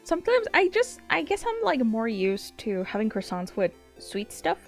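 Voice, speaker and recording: A woman streaming a game who reads story text softly and reacts with excited, sweary outbursts and frequent laughter. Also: on the high side, normal speed, soft background music. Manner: soft, hushed reading of story text. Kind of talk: casual let's-play commentary and reading game text aloud.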